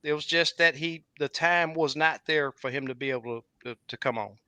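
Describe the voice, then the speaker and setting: A man chats casually on a fishing livestream. His voice sits a bit high and bright, recorded dry and close, with loose restarts as he talks. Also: brisk, clean tone, no echo. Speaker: fishing guide and livestream host.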